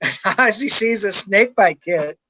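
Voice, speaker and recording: High-voiced older man telling stories. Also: animated, unhurried, pushed and bright, poor audio. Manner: rambling, swears freely, laughs at his own stories. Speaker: rock journalist guest. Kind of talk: casual anecdotal storytelling.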